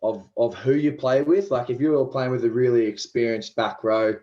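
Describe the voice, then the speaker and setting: A man's voice: mid-range voice, steady tone, normal speed, warm tone, lo-fi sound. An Australian man in his twenties, a pro rugby league player chatting casually as a podcast guest, loose and self-deprecating. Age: 20s.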